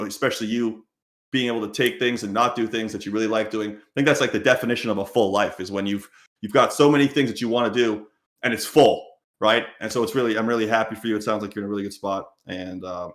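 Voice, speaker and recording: In a lowish voice and at a fast clip, a man hosts a casual podcast conversation, the audio sounding roomy. He tells stories with animation and performs other people's quotes.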